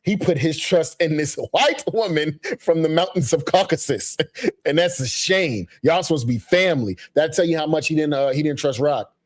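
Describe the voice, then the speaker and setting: Slangy laid-back man, slightly high voice. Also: lively intonation, normal speed. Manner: laid-back, slangy, reads viewer chats aloud. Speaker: co-host of a live TV recap stream. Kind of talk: casual live chat.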